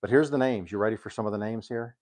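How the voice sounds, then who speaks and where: An older man casually chatting on a cooking live stream, rambling and pausing with ums as he reads aloud. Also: on the low side, darkish tone. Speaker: home cook hosting a live stream.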